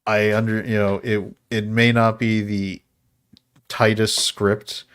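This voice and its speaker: A man's voice: lowish voice, flat delivery, takes it slowly, fairly bright tone, clean tone. A man co-hosting a podcast in casual chat, explaining film trivia and laughing often. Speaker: podcast co-host.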